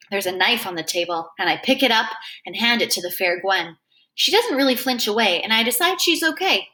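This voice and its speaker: Audiobook reader: woman, bright higher voice, lively animated narration. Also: brisk. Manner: animated first-person narration. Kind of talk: reading a novel aloud.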